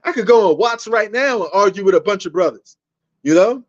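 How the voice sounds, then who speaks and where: Loud passionate New man. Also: high voice, expressive, fairly quick. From New York. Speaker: sports talk show host. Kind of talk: livestream sports debate answering chat. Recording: dull lo-fi stream audio.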